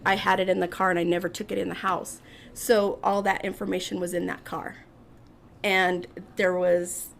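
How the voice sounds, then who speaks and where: Podcast guest, woman, gravelly fry, animated storyteller who plays every character she quotes, faint background noise. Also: on the low side. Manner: animated, acts out quoted voices. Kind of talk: casual storytelling.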